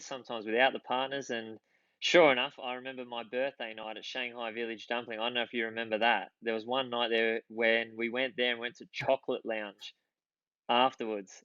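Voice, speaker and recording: A man's voice: mid-range voice, sharp tone, dry recording, muffled recording. Australian man telling rambling stories. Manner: rambling anecdotes with many restarts. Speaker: podcast guest, former footballer. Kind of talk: casual chat, storytelling.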